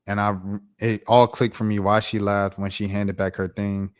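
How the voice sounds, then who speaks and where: A man in his thirties hosting his own stream, telling a casual storytime in an animated, slangy way with laughing asides. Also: fairly low pitch, moderate pace, clean tone. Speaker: streamer host.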